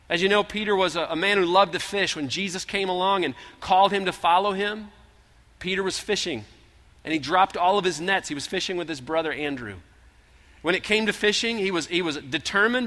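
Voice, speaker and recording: Bright-voiced preacher in a reverberant hall. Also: male voice, high-pitched. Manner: earnest storytelling preacher, shifting from emphatic to hushed. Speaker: pastor. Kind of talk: sermon.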